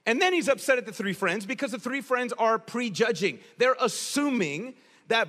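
A man preaching a sermon in a casual, slangy, animated storytelling way. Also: sits high, normal speed, long reverb tail.

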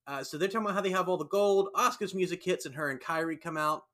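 A man's voice: high voice, fast talker, a little hiss or hum. A man hosting a casual podcast, recapping events and acting out what people said. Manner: animated storyteller, acts out quotes. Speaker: podcast host recapping wrestling. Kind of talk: casual chat.

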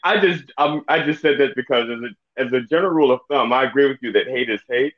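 A man's voice: medium pitch, fast talker. A man in a casual podcast chat, making wry jokes. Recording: dull lo-fi sound.

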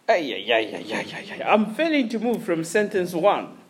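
Casting: male preacher, very high voice, sermon storytelling, chuckling. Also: moderate pace. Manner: animated storytelling with frequent chuckles and restarts.

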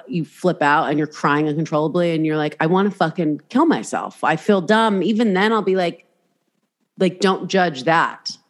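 A woman hosting a podcast in casual chat, talking candidly, swearing freely and acting out voices as she tells stories. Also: lowish voice. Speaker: podcast host.

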